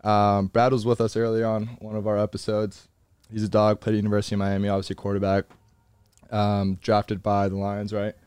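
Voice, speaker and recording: A man's voice: on the low side, monotone, a little fast, darkish tone, clean tone, no room sound. A young man in college hosting a casual podcast recorded in a truck, joking and bantering with his guests. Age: young adult. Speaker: podcast host. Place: inside a truck.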